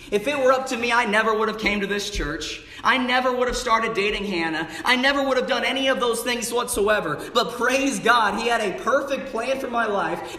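Young male preacher, high voice, exuberant and emphatic, church hall with long echo. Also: sharp tone, slight background noise. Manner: exuberant, rising to emphatic bursts with call-outs of "amen" and "hey". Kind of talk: sermon. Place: church sanctuary.

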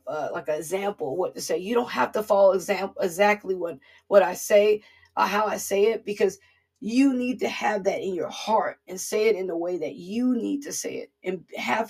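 A woman's voice: medium pitch, gravelly, darkish tone, slightly rough. A woman giving an informal devotional sermon in an earnest, repetitive, conversational way. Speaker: preacher.

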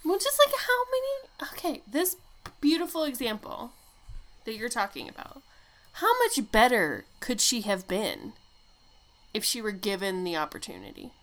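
A woman co-hosting a podcast in casual chat, animated and indignant, quick to joke and rant. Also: fairly high pitch. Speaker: podcast co-host.

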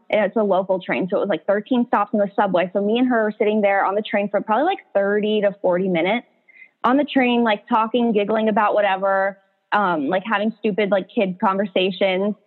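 A woman's voice: mid-range voice, fairly even intonation, a little fast. Chatty young woman on a tinny line. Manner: chatty storyteller, heavy "like" filler. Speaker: podcast host. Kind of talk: casual chat.

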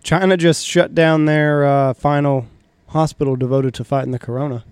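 A man's voice: a little high, fairly even intonation, moderate pace, darkish tone, smooth, dry recording. A man co-hosting a podcast, talking bluntly and offhandedly in casual chat, with some swearing. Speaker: podcast co-host.

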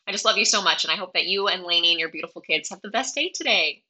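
A woman's voice: fairly low pitch, rapid-fire, pushed and bright. A woman hosting a podcast, speaking in an effusive, gushing way to her guest. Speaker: podcast host. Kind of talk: warm podcast interview.

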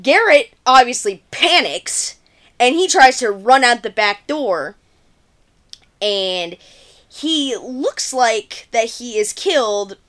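A woman's voice: on the high side, expressive, takes it slowly, a bit bright. Chatty woman recapping a movie. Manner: chatty, lots of "like" fillers. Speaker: podcast co-host.

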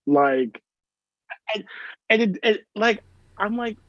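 A man's voice: high-pitched, expressive, slow, dry recording. A man in casual chat, telling stories in a rambling way, heavy on fillers and swearing. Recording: dull lo-fi sound, dry room.

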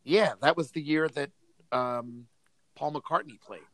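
Profane ranting man, fairly high voice. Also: a little slow, fairly bright tone, no echo, poor audio. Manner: profane, ranting, laughs often. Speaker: podcast co-host. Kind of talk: casual chat.

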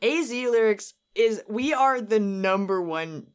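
A woman's voice: medium pitch, expressive, unhurried, clear, resonant tone. A woman co-hosting a podcast in casual chat, musing and amused as she theorizes aloud. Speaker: podcast co-host.

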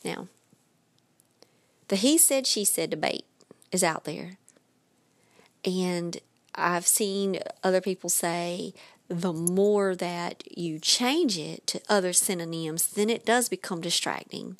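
A woman hosting a podcast, giving casual, emphatic writing advice with quick asides. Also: lowish voice, dry recording. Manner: chatty, emphatic, with dropped asides. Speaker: podcast host and writing coach.

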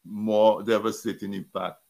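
A man hosting an interview, speaking haltingly and often repeating words and restarting as he frames his questions. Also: on the low side, level tone, vocal fry, dark tone. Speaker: interview host. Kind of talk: interview talk.

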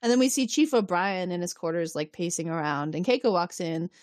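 A woman co-hosting a podcast, retelling an episode in a casual, animated way and acting out the quotes. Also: fairly low pitch, a little fast, dry recording, clean studio sound. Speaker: podcast co-host. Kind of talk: casual recap chat.

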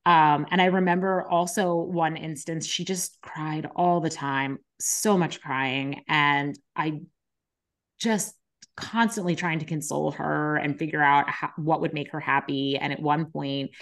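A woman's voice: deep voice, fairly even intonation, unhurried, fairly bright tone. A woman, a nurse and podcast co-host, telling her own story in an open, reflective way. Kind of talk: candid conversation.

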